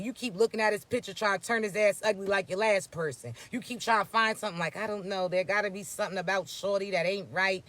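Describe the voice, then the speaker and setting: A man's voice: extremely high pitch, a bit bright, dry recording. A man giving a blunt, profane spiritual pep talk, scolding his listeners in streetwise slang. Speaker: spiritual reading host. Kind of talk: blunt motivational spiritual message.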